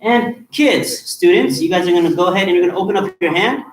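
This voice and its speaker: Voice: mid-range voice, fast talker. Upbeat instructor in an echoey gym. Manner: upbeat, directive, frequent "okay?" checks. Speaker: martial arts instructor. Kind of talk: explaining a kids' game in an online class. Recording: echoey hall, far from the mic.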